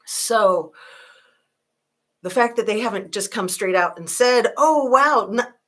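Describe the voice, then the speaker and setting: A woman's voice: mid-range voice, unhurried. A woman in her forties hosting a casual true crime livestream from home, rambling through her opinions and talking straight to her viewers. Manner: rambling, opinionated, talks to viewers and reads chat.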